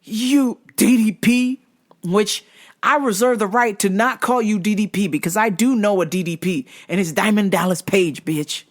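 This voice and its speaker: Profane, heated podcast host ranting. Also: moderate pace. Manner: wide, jumpy pitch swings when worked up. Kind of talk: casual solo rant podcast.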